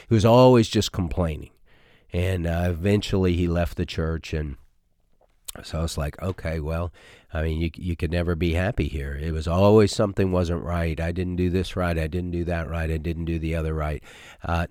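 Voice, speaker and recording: Middle-aged pastor guy preaching, real low voice, dry close sound, chatty w lots of ums. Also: a little mellow, no echo. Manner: conversational, folksy preaching with frequent fillers. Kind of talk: sermon.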